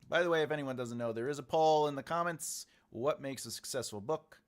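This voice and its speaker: A man's voice: mid-range voice, a little fast. A man livestreaming his book outlining, muttering notes to himself and joking with viewers in casual chat. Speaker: author livestreaming his writing process.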